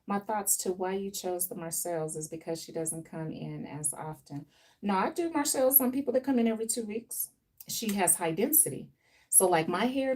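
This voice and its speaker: A woman's voice: deep voice, moderate pace, a little mellow, recorded from a distance. A woman who styles hair on a live stream, chatting playfully with viewers as she works. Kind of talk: live stream chat while styling hair. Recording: off-mic with faint background noise.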